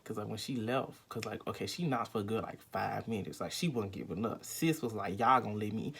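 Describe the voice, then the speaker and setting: A man's voice: lowish voice, brisk, vocal fry, slightly rough. A young man telling a rambling, emphatic storytime vlog at home, full of fillers and acted-out quotes. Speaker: vlogger.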